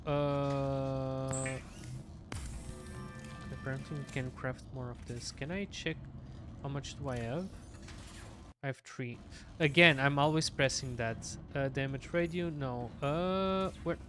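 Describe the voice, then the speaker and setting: Game streamer, casual live commentary, chatty, sleepy, slow pace, game music behind. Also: medium pitch. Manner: chatty, talks to self and chat, sleepy.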